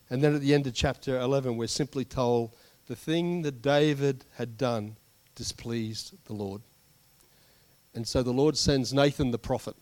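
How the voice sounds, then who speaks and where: A man's voice: mid-range voice, moderate pace. Man preaching in a chatty, storytelling way. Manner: conversational, animated storytelling with asides. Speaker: pastor. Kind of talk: sermon.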